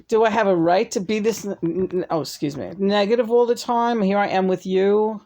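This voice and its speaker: A woman vlogger rambles in casual chat. She talks in a medium-pitched voice, doubting herself out loud and cursing freely as she goes. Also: moderate pace. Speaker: vlogger speaking with spirits.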